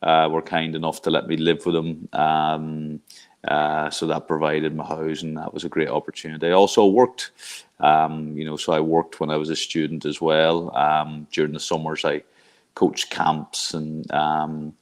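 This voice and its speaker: A man's voice: extremely low pitch, little pitch movement, normal speed. A middle-aged man from Ireland, a college coach, talking things over reflectively with lots of fillers and restarts. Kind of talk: casual interview talk.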